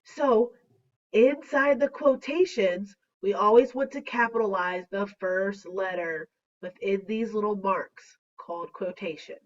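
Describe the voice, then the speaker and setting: A woman teaching a third grade lesson on a slideshow, speaking slowly and deliberately with a playful teacher manner. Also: mid-range voice. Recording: dull, distant lo-fi recording.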